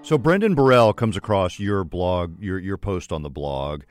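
A male podcast host narrating a true story and putting measured, probing questions to his guest. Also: deep voice, expressive, faint music behind.

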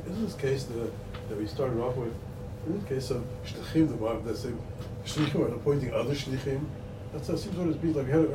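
A man in a Talmud study class, thinking aloud with halting restarts. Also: medium pitch. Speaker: class participant. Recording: distant, echoey room mic with noise.

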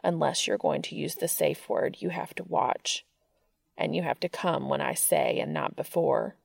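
Commanding young man, quiet and gravelly, read by a woman. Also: sits low, moderate pace, no room sound, heavily acted. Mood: low coaxing. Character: dominant young man, tender and teasing.

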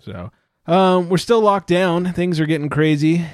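A man telling a story on a casual podcast, profane and animated, with loud outbursts when he quotes himself. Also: a little high, unhurried, dry recording, studio quality. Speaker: podcast co-host. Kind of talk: casual chat.

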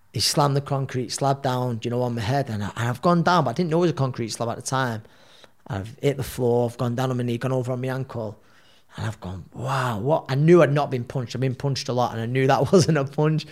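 A man, a professional boxer, telling a personal story in a casual, rambling way and acting out what people said. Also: mid-range voice. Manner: rambling, re-enacts dialogue.

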